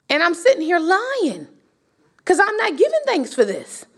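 A woman's voice: very high voice, wildly swooping pitch, moderate pace. A woman teaching a sermon in a conversational style, with rhetorical questions and passionate rises that climb to near cries. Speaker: Bible teacher.

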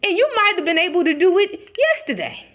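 A woman's voice: very high-pitched, sing-song, brisk, a bit bright, muffled recording. A middle-aged woman preaching a conversational sermon, acting out little dialogues as she talks.

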